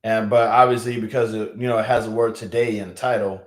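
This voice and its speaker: A man with a Southern US accent hosting a casual livestream, animated and slangy, often repeating his phrases and talking straight to his viewers. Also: on the low side, fast talker, roomy sound. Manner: animated, repeats himself, talks to chat with slangy asides. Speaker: livestream host. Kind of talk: casual live-stream chat.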